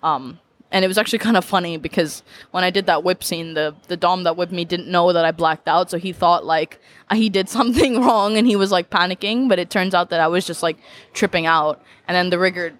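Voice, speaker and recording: A woman's voice: on the low side, a little fast. A young woman speaking as a podcast guest in casual chat, talking freely with lots of "like" fillers and easy laughter. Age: young adult. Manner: chatty, leans heavily on "like" fillers, laughs easily.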